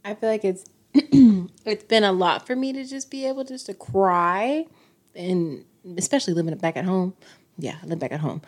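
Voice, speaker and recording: Playful, animated woman. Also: medium pitch, normal speed. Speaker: podcast co-host. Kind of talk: casual chat.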